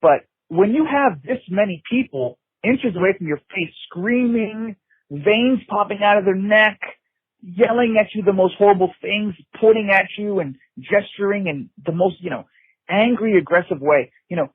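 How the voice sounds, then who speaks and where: A man's voice: high voice, normal speed, slightly rough, dry recording. Emphatic man on a tinny phone line. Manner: emphatic, repetitive, frequent "you know" and restarts. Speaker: interview guest. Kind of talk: intense personal recollection.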